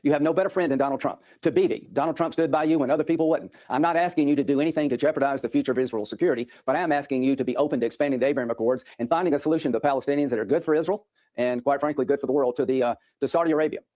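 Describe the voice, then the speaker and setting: A man's voice: medium pitch, racing, warm tone. A man who is a senator, giving emphatic, declarative answers in a TV interview.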